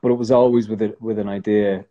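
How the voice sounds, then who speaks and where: Dark-voiced Irish man chatting. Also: fairly low pitch, fast, lo-fi sound. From Ireland. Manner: relaxed, rambling, many fillers and restarts. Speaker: guest. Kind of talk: casual interview chat.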